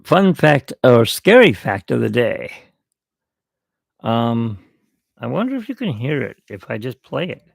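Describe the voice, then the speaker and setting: Male streamer host, gravelly, dry close sound, jokey rambling delivery. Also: medium pitch, sing-song, a little slow, pauses often, no echo. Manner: rambling, joking, self-mocking. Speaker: YouTube channel host. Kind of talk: casual live stream chat. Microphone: desk microphone.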